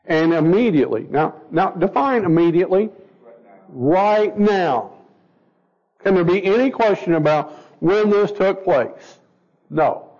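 Man, Bible study teacher, gravelly, fairly high voice, questioning the group, dull lo-fi recording. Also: animated, normal speed, a little mellow, big-room sound. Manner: asks the group questions, stumbles and restarts.

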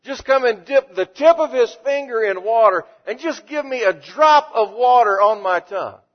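A man's voice: expressive, normal speed, big-room sound, highs cut off. A man doing a pleading rich man in torment. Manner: pleading, raised pitch.

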